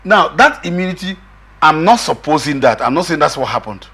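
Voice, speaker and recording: Man, middle-aged, husky, high voice, very lively pitch, emphatic talk-show guest. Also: a little fast. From Nigeria. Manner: emphatic, repeats himself, quotes others in raised voice. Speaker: political guest. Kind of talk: animated political discussion.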